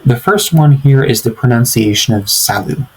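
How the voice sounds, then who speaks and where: A man's voice: mid-range voice, normal speed, a little hiss or hum, poor audio. A man teaching beginners in a language tutorial, speaking patiently and repeating each phrase for learners to follow. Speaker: French teacher.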